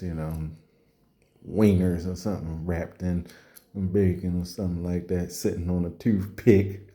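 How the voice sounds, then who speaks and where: A man doing a rambling comedy monologue, acting out little scenes and slipping into hushed asides. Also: fairly low pitch.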